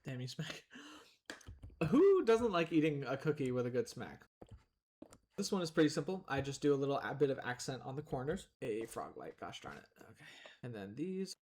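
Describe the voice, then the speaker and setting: A man's voice: medium pitch, big pitch swings, fairly quick. A young man casually commenting on his building game, chatty and rambling, sometimes talking between bites of food. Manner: chatty, rambling, talks while eating. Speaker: gaming streamer.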